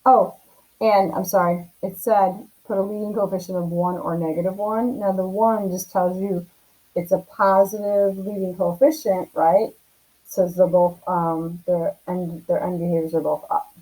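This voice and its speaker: A woman teaches a recorded math lesson from home, talking casually and often checking in with "right?". Her voice sits low and sounds warm and mellow. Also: steady tone, moderate pace, low-quality recording.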